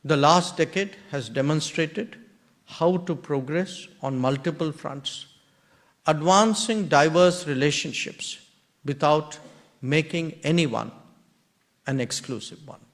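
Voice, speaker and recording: A man with an Indian accent delivering a formal memorial lecture, speaking in measured, deliberate phrases broken into short clauses. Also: a little high.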